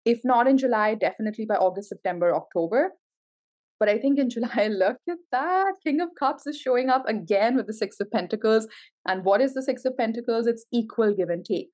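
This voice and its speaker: A woman's voice: a little high, lively intonation, fairly quick, darkish tone. A woman giving a tarot reading to camera, gushing and emotional, full of exclamations. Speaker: tarot reader.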